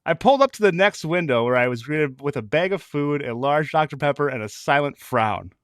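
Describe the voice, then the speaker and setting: A man reading a comic story aloud in a mock-dramatic, animated way, laughing often. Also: on the high side, fairly quick, smooth, no room sound, studio quality. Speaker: reader of comic stories.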